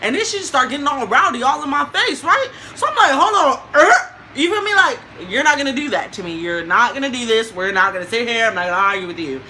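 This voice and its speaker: Young woman storyteller, casual vlog, bright and sharp voice, animated, slangy, faint background noise. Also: fairly high pitch, fast talker, few pauses, low-quality recording.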